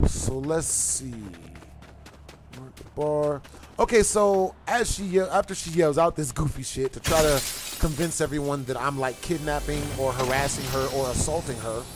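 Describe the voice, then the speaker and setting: A man's voice: fairly high pitch, moderate pace, background noise. A man streaming a game and telling a profane, slangy story in casual chat, laughing and coughing often. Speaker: gaming streamer.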